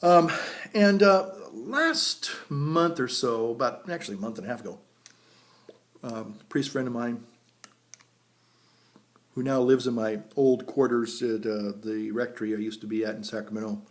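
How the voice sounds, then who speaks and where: In a casual storytelling vlog filmed beside a vineyard, an American priest in his fifties who vlogs about pipes wanders through folksy tales and chuckles to himself. He has a medium-pitched voice and a moderate pace broken by long pauses.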